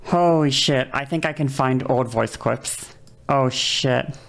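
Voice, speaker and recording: A woman streaming live, chatting casually and excitably and swearing freely. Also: very deep voice, slow.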